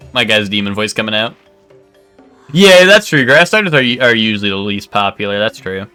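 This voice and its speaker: A man's voice: lowish voice, animated, measured pace, sharp tone, clear, resonant tone, dry recording, faint music behind. A man streaming a game, chatting casually with lots of fillers and restarts. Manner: rambling, hesitant, lots of fillers. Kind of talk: casual chat while gaming.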